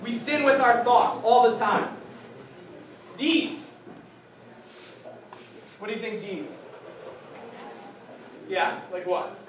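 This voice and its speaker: Youth speaker, male, from New Jersey, higher voice; acts out scenes, soft to shouting; distant mic, noisy room. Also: takes it slowly, pauses often. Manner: animated, acts out quoted voices, swings from soft asides to shouts. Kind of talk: youth talk. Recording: echoey hall, distant mic, audience noise.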